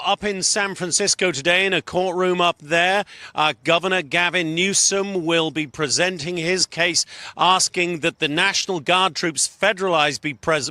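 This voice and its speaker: A male news reporter delivers a measured field update. His voice is very bright and forceful, and it sounds dry and close to the mic. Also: on the high side, no room sound. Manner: measured, informative.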